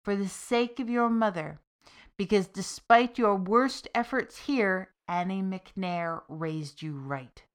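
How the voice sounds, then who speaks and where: A woman voicing Death as a stern, ancient male figure with a measured, grim manner and old Scots turns of speech, in a storytelling podcast. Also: mid-range voice, clean tone, natural voice.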